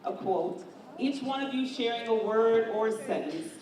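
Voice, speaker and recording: A woman's voice: fairly high pitch, lively intonation, moderate pace, darkish tone. A woman hosting an event, speaking from the heart to an audience, emotional, with fillers. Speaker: event host. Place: large event hall. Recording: echoey hall from far off, faint noise.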